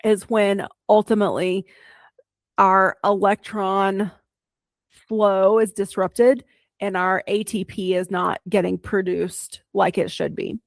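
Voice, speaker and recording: A woman's voice: mid-range voice, flat delivery, slow pace, creaky, no room sound, studio quality. A female podcast host, explaining biology plainly in a casual, chatty solo talk.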